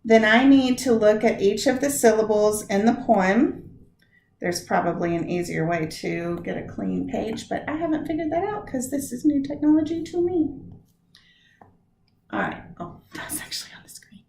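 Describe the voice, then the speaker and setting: A woman teaching a lesson on poetic meter, explaining step by step and sounding out words slowly to show where the stress falls. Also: on the high side, vocal fry, a little mellow, echoey room. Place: room with a whiteboard.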